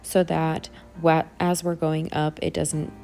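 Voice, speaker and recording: A woman giving a relaxed, step-by-step voice-over for a craft tutorial. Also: low-pitched, takes it slowly, vocal fry, faint music behind. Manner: easygoing, step-by-step explaining.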